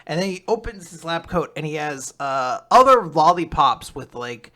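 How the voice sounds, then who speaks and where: Bright-voiced man retelling a story. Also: fairly high pitch, normal speed. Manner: animated storyteller, laughs often, acts out quotes. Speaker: podcast co-host. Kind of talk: casual manga recap.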